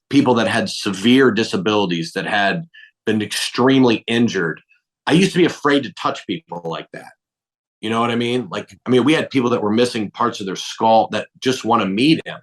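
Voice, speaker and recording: Animated man telling road stories. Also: on the low side. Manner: animated, acts out dialogue, swears casually. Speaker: comedian guest. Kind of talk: casual storytelling.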